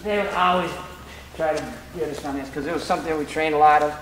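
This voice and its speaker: High-pitched coach in an echoey gym. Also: male voice, fast talker. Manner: animated, storytelling, demonstrates moves. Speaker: grappling coach. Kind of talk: mat-side technique instruction. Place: training gym. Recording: echoey gym, background noise.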